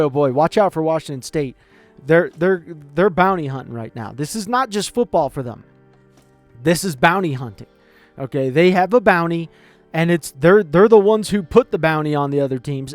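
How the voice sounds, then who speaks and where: Male sports commentator, animated and rambling, slightly high voice, light music bed. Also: no echo. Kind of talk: casual opinionated chat.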